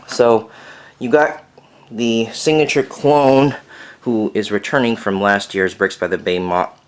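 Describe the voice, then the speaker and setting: A young man giving a casual, rambling video update from his bedroom, with many fillers. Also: mid-range voice. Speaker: Lego builder vlogger. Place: bedroom at home.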